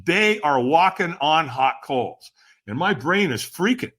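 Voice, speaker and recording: A man, a podcast guest, telling a personal story in a lively, dramatic way and often addressing the host. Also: fairly high pitch, unhurried. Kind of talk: animated storytelling.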